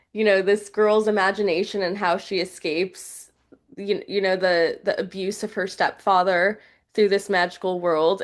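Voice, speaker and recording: Brief: young woman guest, open and chatty, conversational podcast delivery. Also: medium pitch. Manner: chatty, heartfelt, many fillers like "like". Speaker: journalist and news reporter guest.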